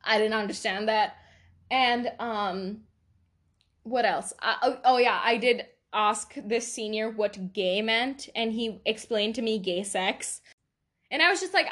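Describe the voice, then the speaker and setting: Young female podcast host, slightly high voice, casual and confessional, giggly, rambling. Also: a little slow, sharp tone. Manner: chatty, laughs often, rambling asides.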